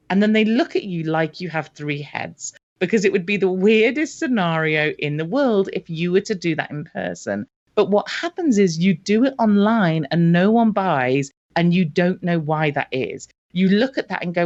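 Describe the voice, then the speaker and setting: Woman, marketing guest, chatty storyteller, muffled low-fi sound. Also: normal speed, hardly any pauses. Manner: lively storytelling, acts out conversations. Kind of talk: casual interview talk. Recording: dull lo-fi audio.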